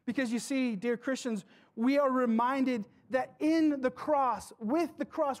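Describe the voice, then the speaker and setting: A pastor with a very high voice preaches passionately to his church, using dramatic pauses and putting questions to the congregation.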